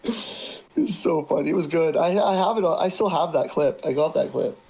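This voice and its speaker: A man's voice: on the high side, moderate pace, creaky, warm tone, husky, poor audio. A man hosting a casual livestream chat, rambling and swearing freely, often breaking into laughter. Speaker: livestream host.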